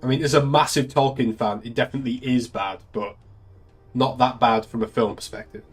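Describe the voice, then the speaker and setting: A man's voice: medium pitch, steady tone, a little fast, husky, faint music behind. An English man, a young adult, chatting casually on a live stream, laughing often and swearing freely. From England. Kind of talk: casual chat.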